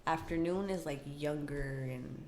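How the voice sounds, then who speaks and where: A woman's voice: low-pitched, a little slow. A young adult woman chatting as a guest, telling laid-back stories and laughing. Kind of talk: casual chat. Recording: echoey room with noise.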